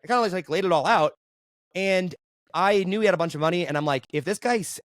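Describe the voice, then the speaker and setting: A fast-talking man with a slightly high voice tells his story as a podcast guest. He is animated and keeps checking in with his listener. The recording is close and dry. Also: no echo. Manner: animated, keeps asking "right?". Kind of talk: casual interview storytelling.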